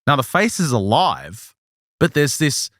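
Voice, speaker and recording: A man's voice: mid-range voice, unhurried, dry recording, studio quality. A man, a bit under the weather, co-hosting a podcast and telling a strange story in casual chat. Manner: lively, laughs often while telling. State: a little sick. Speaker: podcast co-host.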